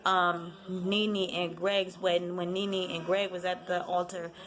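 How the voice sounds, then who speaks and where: A woman casually recapping a reality show episode in a lively, slangy way, acting out what the cast said. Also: lowish voice, measured pace. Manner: chatty, animated retelling with quoted voices. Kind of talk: casual chat.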